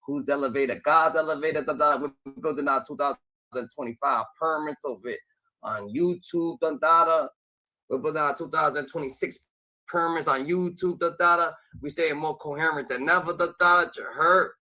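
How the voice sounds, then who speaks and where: A man holds forth on a rap feud during a live stream, his voice high and lively. His tone is piercingly bright, and he swings between loud shouting and quick asides. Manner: loud, shouting often, swearing, repeats catchphrases. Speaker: streamer commentator. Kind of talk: rap beef commentary stream.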